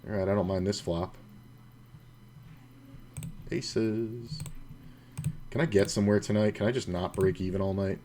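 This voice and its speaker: Low-voiced man thinking aloud, casually profane. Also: fairly even intonation, a little slow, long pauses, mellow, a little hiss or hum. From United States. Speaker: poker streamer. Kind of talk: casual commentary while playing online poker.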